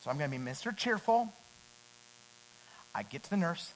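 A middle-aged man preaching a sermon. He climbs to loud, emphatic peaks and then drops back to a quiet storytelling tone. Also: a little high, big pitch swings, moderate pace, pauses often, poor audio.

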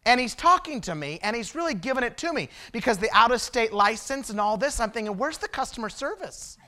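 A man's voice: extremely high pitch, expressive, quick pace, bright, forceful tone. A male traveling preacher giving a sermon, telling personal stories in a conversational way and asking the audience rhetorical questions.

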